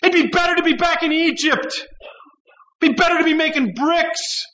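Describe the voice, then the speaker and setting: A male preacher voicing a grumbling Israelite who shouts complaints at God in a high, strained voice. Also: normal speed, reverberant, muffled recording. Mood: whining, shouting. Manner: shrill, accusing, shouting complaints.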